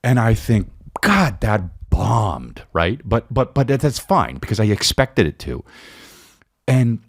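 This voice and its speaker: A man's voice: medium pitch, big pitch swings, measured pace, no room sound, clean studio sound. A comedian hosting a podcast, telling a rambling story in casual monologue, acting out quotes and often restarting his sentences. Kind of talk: animated comic storytelling.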